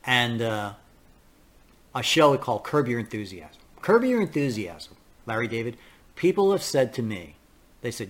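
A man's voice: medium pitch, big pitch swings, moderate pace, fairly bright tone. Blunt, ranting older male podcast host. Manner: blunt, ranting, profane, laughs at his own stories. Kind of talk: political commentary monologue.

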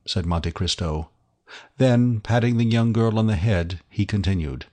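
A man narrating a classic novel as an audiobook, reading in a steady, dramatic way. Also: on the low side, normal speed.

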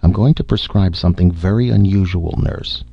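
Guy reading gruff folksy old doctor, teasing, low voice, dry muffled audiobook recording. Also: moderate pace, dry recording.

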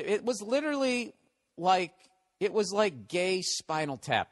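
A man's voice: sits high, expressive, normal speed, no echo, studio quality. Profane ranting middle-aged man. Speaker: podcast host. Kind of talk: rambling comedic monologue.

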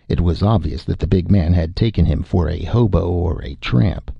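A man narrating an audiobook in a steady, measured way. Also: low-pitched, creaky, slightly rough, no room sound. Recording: dull, dry recording.

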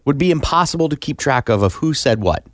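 A man's voice: medium pitch, animated, quick pace, dry recording. A man co-hosting a podcast, chatting casually in a skeptical and argumentative way. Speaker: podcast co-host. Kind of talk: casual chat.

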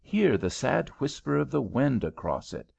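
A man's voice: mid-range voice, big pitch swings, normal speed, vocal fry, a little mellow, husky, dry recording, voice pushed up, heavily acted. A man voicing an earnest, wondering young American girl in a storybook reading. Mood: awed. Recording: dull lo-fi recording.

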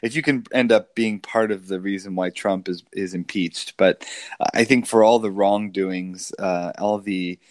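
A man with a low, deep voice talks loosely on a podcast and rambles through fillers while he mocks a political figure. The sound is dry and close, with no room around it. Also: steady tone, measured pace, dry recording. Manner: mocking, rambling with many fillers. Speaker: podcast co-host. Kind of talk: casual political banter.

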